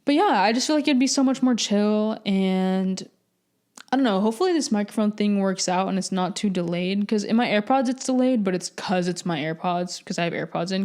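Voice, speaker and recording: A woman's voice: medium pitch, a little mellow. An eighteen-year-old woman hosting her own podcast, chatting casually in a rambling, self-mocking way. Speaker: podcast host. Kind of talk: casual solo podcast chat.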